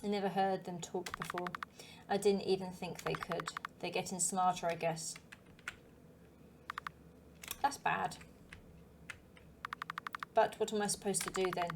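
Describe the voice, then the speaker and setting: A woman voicing a frightened young child left alone at home, speaking quietly and hesitantly. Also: fairly low pitch, fairly even intonation, measured pace, long pauses, noisy background. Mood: anxious.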